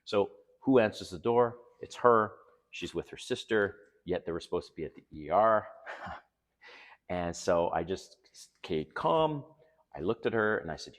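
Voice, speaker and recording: A man's voice: sits low, lively intonation, measured pace. An older man hosting a vlog, telling personal stories in a frank, casual way and swearing freely. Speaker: host.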